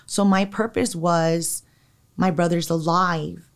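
A young adult woman, a podcast guest, telling an emotional personal story in a lively way with many fillers. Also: fairly low pitch. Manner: animated, quickens and slows, many fillers. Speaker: podcast guest, psychic medium.

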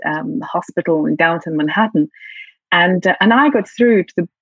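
In this interview conversation, a guest from Poland reflects aloud, using many fillers, in British English coloured by her native Polish. Her voice is fairly low and breathy, at normal speed, in a muffled recording without room sound.

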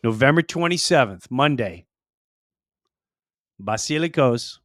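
A man's voice: medium pitch, animated, a little slow, dry recording, studio quality. A man hosting a podcast, talking emphatically and with feeling, often repeating his point. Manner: warm-hearted, emphatic, repeats himself. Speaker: podcast host. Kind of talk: casual podcast interview.

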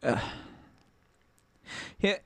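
A man's voice: extremely slow, fairly bright tone, dry recording. A male podcast host making crude, mocking jokes with plenty of swearing. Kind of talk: comedic podcast banter.

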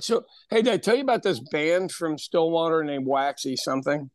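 A man of about sixty co-hosting a podcast, telling stories in an animated, casual way and laughing often. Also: fairly high pitch, moderate pace, no echo, studio quality. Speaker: podcast co-host, pub owner. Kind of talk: casual chat.

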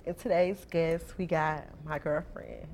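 Flirty woman host, low voice. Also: fairly even intonation, unhurried, darkish tone, slight background noise. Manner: flirty, teasing, laughs often. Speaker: podcast host. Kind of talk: casual interview chat.

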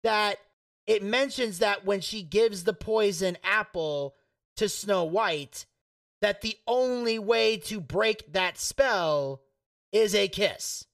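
A woman's voice: medium pitch, slow pace, vocal fry, dry recording. A woman co-hosting a podcast, chatting in a wry, easygoing way. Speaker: podcast co-host. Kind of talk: casual podcast chat. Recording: dry, distant mic.

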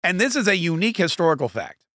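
A male podcast host delivering a sarcastic political monologue, full of rambling asides. His voice sits somewhat high for a man, and the recording is dry and close, with no room echo. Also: very animated, quick pace, fairly bright tone.

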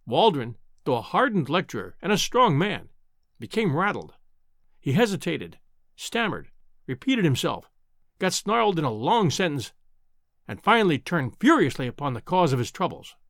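Expressive male audiobook narrator. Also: fairly high pitch, no room sound, studio quality. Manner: measured, expressive reading. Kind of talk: audiobook storytelling.

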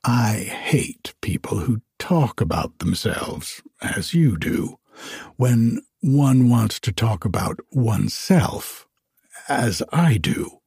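A man's voice: mid-range voice, animated, slow pace, vocal fry, darkish tone, husky, dry recording, clean studio sound, exaggerated voice. Give me a man reading as a pompous, self-pitying firework rocket. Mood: haughty. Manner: self-important, complaining. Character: pompous, vain, touchy firework rocket, male.

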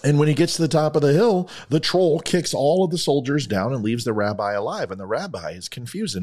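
A man's voice: a little high, expressive, brisk, hardly any pauses, darkish tone. A man hosting his own podcast, rambling through a comic story and plugs with self-mocking jokes. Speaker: podcast host. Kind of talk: casual comedic monologue.

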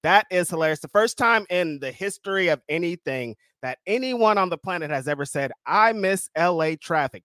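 A man's voice: high-pitched, fairly bright tone, no echo. A man co-hosting a casual live-stream chat, teasing and joking back at his co-host. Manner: teasing, reactive banter. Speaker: podcast co-host.

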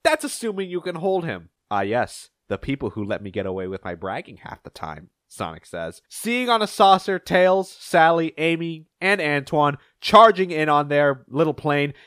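A young man hosting a podcast, recapping comic issues and acting out the characters' lines in quick shifting voices. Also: clear, resonant tone, dry recording, studio quality. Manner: animated, acts out characters' lines in shifting pitch. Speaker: podcast host.

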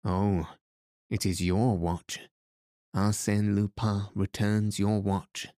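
A man voicing a jovial, excitable French gentleman in an audiobook story, talking in quick excited bursts. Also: on the low side, dry recording, clean studio sound. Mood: amused. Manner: excited, chattering, amused.

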